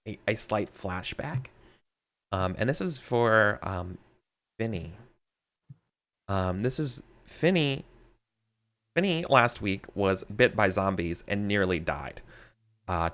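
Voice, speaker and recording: A man narrating a tabletop game as game master, halting with many fillers. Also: sits low, a bit bright.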